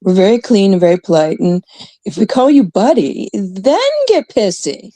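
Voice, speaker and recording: A woman's voice: medium pitch, fairly quick, no echo. A Canadian woman hosting a livestream, ranting bluntly and swearing as she chats with viewers. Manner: blunt, swearing, animated rants. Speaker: livestream host. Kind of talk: casual livestream chat.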